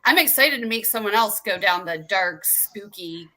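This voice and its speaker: A woman's voice: mid-range voice, expressive, moderate pace, a crowd in the background, rough recording. A woman guest talking casually about her paranormal investigation team, upbeat and laughing easily. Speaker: ghost hunter guest. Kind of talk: casual chat.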